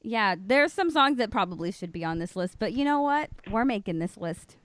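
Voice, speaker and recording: A woman's voice: medium pitch, animated, moderate pace, no echo. A woman co-hosting a podcast, chatting casually in a blunt, confident way with casual swearing. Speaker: podcast co-host. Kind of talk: casual chat.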